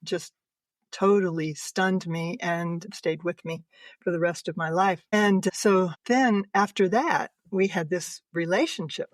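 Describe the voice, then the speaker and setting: An older woman, a podcast guest, earnestly and emotionally telling a personal story, laughing softly between sentences. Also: on the low side, measured pace, no room sound.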